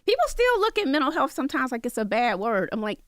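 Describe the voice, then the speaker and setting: A woman's voice: sits high, very animated, fast talker. A woman guest on a radio show, talking earnestly and passionately, urging her listeners directly. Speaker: guest, mental health advocate. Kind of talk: earnest interview talk. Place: radio studio.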